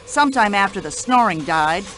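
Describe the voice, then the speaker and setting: A woman's voice: mid-range voice, lively intonation, normal speed, fairly bright tone, a little hiss or hum, natural voice, low-quality recording. A woman voicing a talkative, indignant older widow in a radio play, speaking. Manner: indignant, chatty, complaining.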